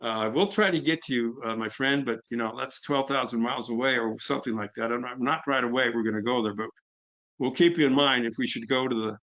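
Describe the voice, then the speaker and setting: A man's voice: medium pitch, brisk, fairly bright tone, dull audio. A middle-aged man gives a casual presentation about his nonprofit, talking freely with fillers and restarts. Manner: conversational, fillers, quotes others. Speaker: nonprofit founder. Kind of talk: webinar presentation.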